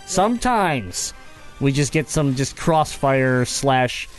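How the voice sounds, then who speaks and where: A man co-hosting a casual podcast chat, teasing a friend with lively, exaggerated storytelling. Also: takes it slowly, music in the background. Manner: animated teasing, bursts into high squeaky impressions. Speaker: podcast co-host.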